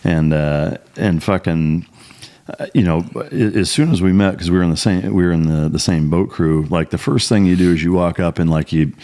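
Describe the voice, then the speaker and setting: A middle-aged man from Iowa, a podcast host, telling old training stories in a halting, profane, casual way. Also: low-pitched, fairly even intonation, mellow. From Iowa, USA. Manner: profane, halting, full of restarts and laughs. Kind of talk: casual storytelling chat.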